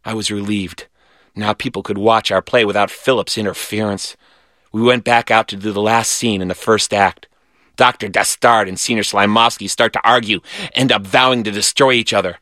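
A man reading a children's story aloud in a lively, animated way. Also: on the low side, normal speed, dry recording, clean studio sound.

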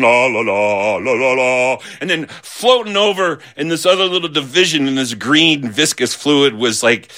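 A man telling a funny childhood story in an animated, playful way, swooping between low and high. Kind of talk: humorous personal storytelling.

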